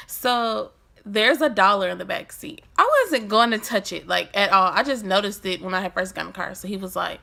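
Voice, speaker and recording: Bright, gravelly young woman telling a story. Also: medium pitch, fairly quick. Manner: animated, dramatic storytelling. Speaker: vlogger. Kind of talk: storytime vlog.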